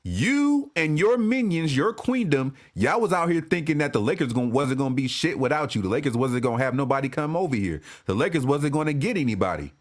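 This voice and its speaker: A man ranting as a sports fan commentator, profane and animated, often restarting and repeating himself. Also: fairly high pitch, fairly quick, few pauses. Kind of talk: ranting vlog.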